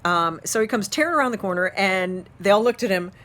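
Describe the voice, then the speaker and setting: Animated, bright-voiced woman in her fifties telling a story. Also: medium pitch, fairly quick. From Ohio, US. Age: 50s. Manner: animated storyteller, laughs often. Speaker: instructor. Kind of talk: storytelling lecture.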